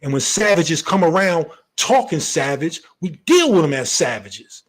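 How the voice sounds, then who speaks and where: A man's voice: fairly high pitch, big pitch swings, normal speed. A man giving heated, profane commentary, firing off rhetorical questions.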